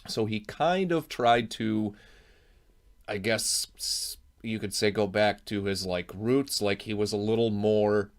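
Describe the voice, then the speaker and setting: A man's voice: on the low side, slow pace. A man hosting a casual reaction video, chatting at length and explaining music history. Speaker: host.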